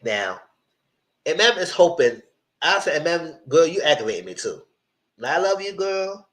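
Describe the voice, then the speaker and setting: Male reviewer, slightly high voice, casual live recap rant, blunt, exasperated, swears freely. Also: very animated, normal speed, fairly bright tone. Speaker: TV reality show reviewer.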